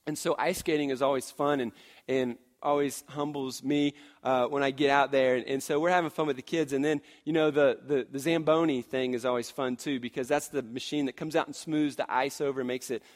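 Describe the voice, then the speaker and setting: A man in his thirties preaching a sermon, swinging from loud emphatic passages to quiet storytelling, with frequent "and, and" restarts. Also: mid-range voice, steady tone, a little fast. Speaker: pastor.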